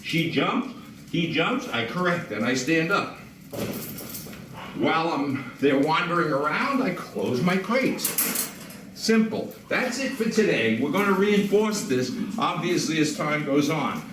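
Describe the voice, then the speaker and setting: Calm male dog trainer, roomy distant sound. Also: a little high, unhurried. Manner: calm, explains while giving commands to dogs. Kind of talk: instructional demonstration. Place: indoors at a house. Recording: roomy, distant mic with background noise.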